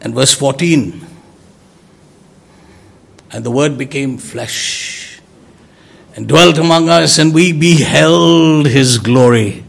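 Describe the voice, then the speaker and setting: Slow gravelly preacher man. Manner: emphatic, swings from loud exclamations to soft low words. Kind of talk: sermon.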